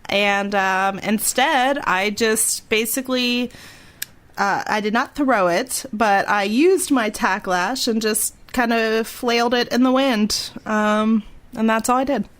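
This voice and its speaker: Woman, tabletop player, unhurried and hesitant, casual banter. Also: on the high side, a bit bright. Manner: hesitant, filler-heavy questions. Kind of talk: casual chat.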